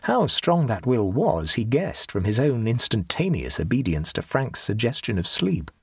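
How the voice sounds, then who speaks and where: A man narrating an audiobook in a measured, expressive storytelling manner. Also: mid-range voice, breathy edge, no room sound, clean studio sound.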